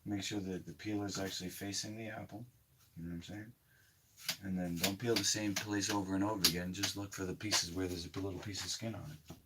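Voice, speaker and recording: A fairly low-pitched man hosting a casual live stream. He gives bossy, blunt step-by-step orders and does not mind crude language. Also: fairly even intonation, fairly quick, very noisy. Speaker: livestream host.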